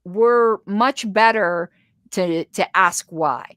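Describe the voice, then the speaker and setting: A woman with a slight lisp, a guest in a casual interview, talking in an animated way with stumbling restarts. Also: mid-range voice, drawn-out words, no echo, clean studio sound.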